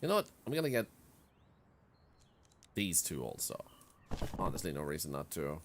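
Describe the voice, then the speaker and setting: A man's voice: rumbling low, big pitch swings, normal speed, background noise. A man streaming a video game in casual commentary, chatting and reading the game's text aloud as he plays. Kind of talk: casual let's-play commentary.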